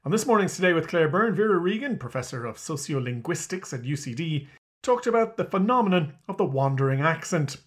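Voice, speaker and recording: A man's voice: a little high, lively intonation, fairly quick. A man reading scripted radio links in a wry, playful way. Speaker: radio presenter.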